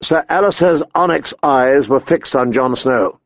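Gravelly male audiobook narrator. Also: mid-range voice, a little slow, no room sound, lo-fi sound.

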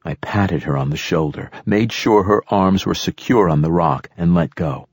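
A man narrating a first-person audiobook in a steady, tense storytelling manner. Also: deep voice, moderate pace, breathy edge, no echo, studio quality.

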